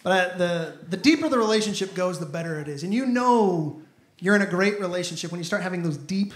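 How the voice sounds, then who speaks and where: Quick-paced and sitting high in pitch, a young man performs stand-up at a comedy club, animatedly narrating stories and acting out the dialogue. The room is echoey, with the live audience's ambience audible.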